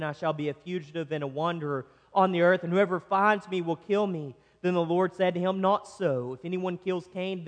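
A man preaching a sermon, reading scripture aloud and breaking off for conversational, wry asides and acted-out quotes. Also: on the high side. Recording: long hall reverb.

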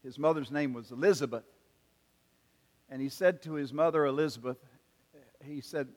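An older preacher from South Carolina delivers a sermon with storytelling, earnest and slow like a pastor, pausing often. His mid-pitched voice carries a long reverb from a large hall.

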